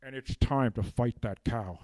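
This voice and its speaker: A man improvises a rambling, absurd comic monologue and keeps checking in with "okay?". His voice is warm and mellow at an ordinary pitch. He is recorded dry and close on a handheld mic. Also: a little slow, no echo. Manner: rambling, drops "okay?" after nearly every phrase. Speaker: improv comedian. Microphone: handheld microphone.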